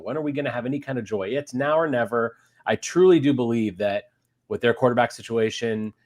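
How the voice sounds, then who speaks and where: Emotional, excitable male sports podcaster. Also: medium pitch. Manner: emotional, excitable, lots of fillers. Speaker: podcast co-host. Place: hotel room.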